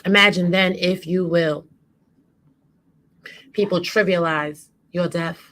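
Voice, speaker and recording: A woman's voice: fairly low pitch, steady tone, slow, fairly bright tone. A woman delivering an impassioned spoken monologue as a guest co-host, with a rhythmic, building emotional delivery.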